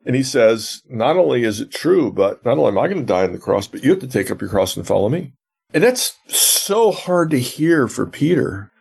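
A man with a mid-range, lively voice speaks briskly, with vocal fry, a slightly mellow quality and a breathy edge. A professor of biblical theology, he answers interview questions and teaches through a gospel passage earnestly, retelling scenes in quoted dialogue.

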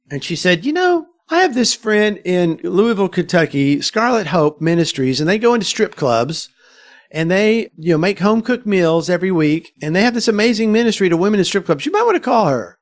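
High-voiced man telling stories animatedly. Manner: animated, quotes others, frequent restarts. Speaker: filmmaker guest. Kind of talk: conversational interview storytelling.

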